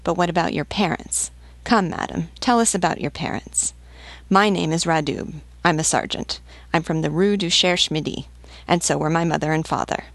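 A woman's voice: deep voice, normal speed, no room sound. A woman voicing a blunt male army sergeant who fires brusque questions.

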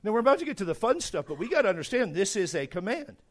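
A middle-aged man preaching a sermon as a pastor, emphatic, dropping to quiet asides and rising to loud bursts. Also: sits high, very animated, racing.

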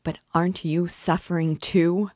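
A timid, compassionate young woman pleading softly in an audiobook, read by a woman. The reading is unhurried and recorded close and dry. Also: low-pitched, fairly even intonation, slightly rough, no room sound, heavily acted.

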